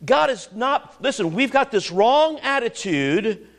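A man's voice: very high voice, big pitch swings, a little slow. A man preaching a sermon, reading scripture aloud and pressing his points with repeated words and questions to the congregation.

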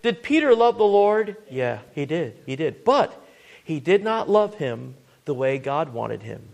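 An earnest male preacher with a slightly higher voice than most men. He often stumbles over and repeats words, and he keeps putting questions to his listeners as he works through scripture. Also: big pitch swings, measured pace, vocal fry, a little mellow. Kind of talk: sermon.

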